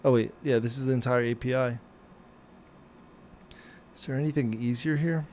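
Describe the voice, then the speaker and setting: A man streaming live as he programs, thinking aloud and questioning himself in halting, muttered phrases. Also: mid-range voice, fairly even intonation, a little mellow, slight background noise.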